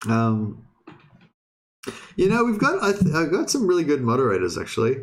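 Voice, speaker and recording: Speaking at a normal speed in a slightly high voice with huge swings in pitch, a young male streamer chats casually with viewers. His talk meanders, with frequent false starts and swearing.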